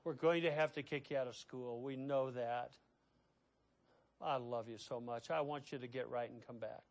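A middle-aged man preaching a sermon as pastor. He swings between hushed, quiet passages and loud, impassioned ones. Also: medium pitch, fairly even intonation, moderate pace.

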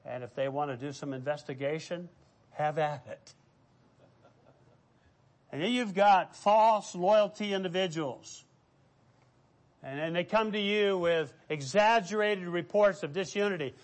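A man's voice: fairly high pitch, moderate pace. A middle-aged man preaching a sermon as pastor, telling stories and acting out the voices of people he quotes.

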